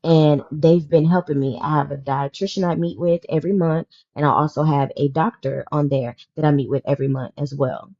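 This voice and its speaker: A woman in her thirties hosts a casual podcast panel, her voice husky and a little low. She speaks with emotion and stresses her points again and again. The sound is dull and lo-fi. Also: steady tone, a little fast, few pauses, mellow. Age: 30s. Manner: emotional, emphatic, repeats herself. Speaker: podcast host.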